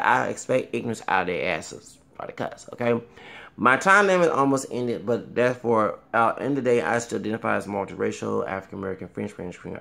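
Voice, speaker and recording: A man's voice: fairly low pitch, vocal fry, a bit bright. A man in his thirties talking casually to camera, rambling with repeated words and frequent fillers. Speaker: vlogger.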